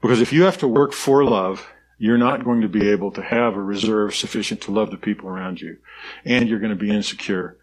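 A man's voice: fairly low pitch, brisk, slightly rough. A man pastor giving an earnest, conversational sermon, often restarting his sentences. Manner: conversational and earnest, with frequent restarts and soft laughs.

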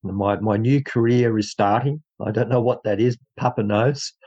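A man's voice: on the low side, moderate pace, warm tone, slightly rough, highs cut off. A man from Australia with an Australian accent, sharing a faith testimony in an earnest, hesitant way with many fillers. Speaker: guest speaker in an online faith group.

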